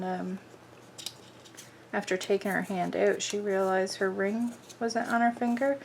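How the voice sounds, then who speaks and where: Slow, gravelly-voiced woman chatting while crafting. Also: medium pitch, a little hiss or hum. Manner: rambling, many "like" fillers. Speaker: craft vlogger. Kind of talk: casual chat while crafting.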